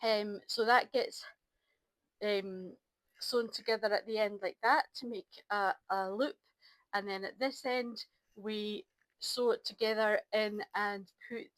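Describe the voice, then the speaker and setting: A woman's voice: medium pitch, a bit bright, no echo, rough recording. Chatty woman, dry close sound. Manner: chatty and rambling, with many ums and restarts. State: low on energy. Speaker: crafting vlogger. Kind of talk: casual chat to camera. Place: at home by an ironing board.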